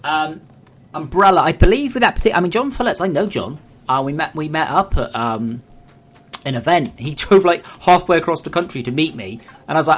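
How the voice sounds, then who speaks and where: A man's voice: on the high side, a little fast. A man, a solo game developer chatting frankly and ramblingly with viewers on a live stream. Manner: rambling, frank, talks straight to chat.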